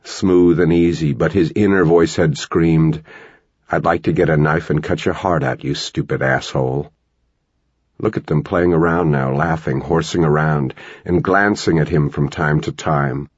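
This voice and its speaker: Deep man, husky voice, steady measured storytelling, dry close mic, dull muffled audio. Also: no echo. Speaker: audiobook narrator. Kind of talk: scripted narration.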